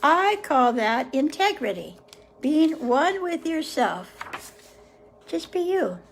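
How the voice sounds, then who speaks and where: A woman hosting a session where she reads a book aloud to viewers, pausing often in a gentle, unhurried way to muse on the passages. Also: high voice, sing-song, vocal fry, slight background noise. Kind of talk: reading aloud with casual reflections.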